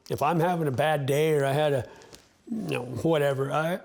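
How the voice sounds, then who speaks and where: A man's voice: medium pitch, creaky, darkish tone. A man in an interview, talking about his sled dogs in an earnest, heartfelt way, often restarting his sentences. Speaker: interview guest, sled dog musher. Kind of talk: candid interview talk.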